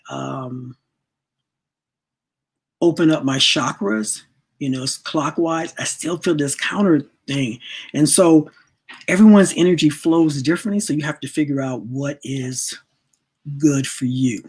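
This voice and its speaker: A woman's voice: low voice, slightly rough. A middle-aged woman telling a personal spiritual story in a rambling way, repeating words and acting out the voices she quotes. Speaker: speaker sharing a spiritual lesson.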